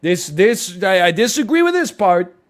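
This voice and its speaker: A young man streaming live, chatting casually and thinking out loud as he argues both sides of a point. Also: high-pitched, very animated, normal speed.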